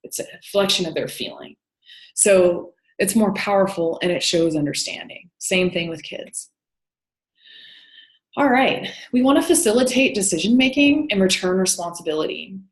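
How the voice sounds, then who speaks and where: A woman's voice: mid-range voice, animated, normal speed, reverberant, low-quality recording. A woman teaching counseling in a recorded lecture, explaining step by step with frequent "um" and "you know". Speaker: counseling instructor.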